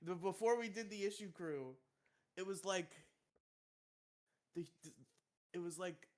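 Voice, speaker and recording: Brief: male podcast co-host, slightly high voice, jokey, stumbles over words. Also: measured pace. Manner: stammering, laughs often, jokey. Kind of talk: casual podcast chat.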